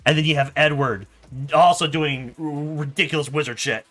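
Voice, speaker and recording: A man narrating a story in a board game on a stream, laughing and animated. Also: fairly high pitch, a little fast.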